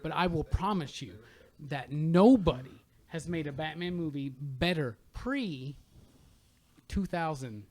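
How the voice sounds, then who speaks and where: A man hosting a casual podcast chat, emphatic, excitable and full of swearing. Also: on the high side, measured pace. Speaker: podcast host.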